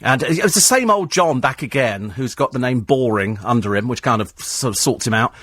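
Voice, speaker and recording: A man's voice: mid-range voice, expressive, a little fast, a bit bright, no room sound. A man hosting a talk radio phone-in, combative and sarcastic as he answers listener texts in a studio. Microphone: studio microphone.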